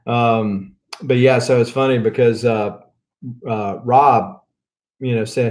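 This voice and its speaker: Southern-accented man, casual rambling host, lots of chuckles and drawn-out fillers. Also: medium pitch, expressive, darkish tone. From Mississippi. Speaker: comic book channel host. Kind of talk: casual rambling haul chat.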